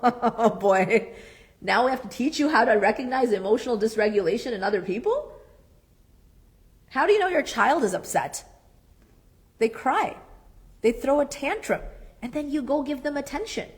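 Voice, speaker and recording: A woman psychotherapist leading a marriage workshop. She talks earnestly and emphatically, repeats her key points and adds playful asides. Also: on the high side. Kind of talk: workshop talk.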